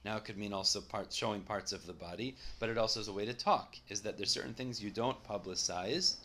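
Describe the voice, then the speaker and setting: A man's voice: on the low side, a little fast, bright, forceful tone, slight background noise. A man teaching a Talmud study lesson, who reads each line aloud and then explains it in English.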